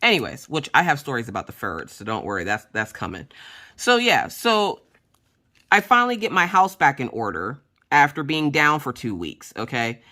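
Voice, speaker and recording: A woman vlogger chatting casually while crafting, telling stories from home in an animated, blunt way and acting out what people said. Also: very deep voice, normal speed. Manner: animated, acts out quoted voices. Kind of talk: casual storytelling chat.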